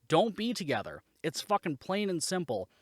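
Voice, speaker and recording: A man's voice: sits high, sing-song, moderate pace, dry recording, clean studio sound. A man hosting a podcast, giving a casual, rambling and sarcastic spoken review, swearing freely. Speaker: podcast host, movie reviewer.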